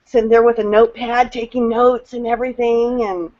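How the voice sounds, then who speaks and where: A woman's voice: fairly high pitch, little pitch movement, a little fast, mellow, muffled recording. A woman on a video call sharing her experience as a new team member in a rambling, emotional way, full of fillers and restarts. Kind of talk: casual testimonial on a video call.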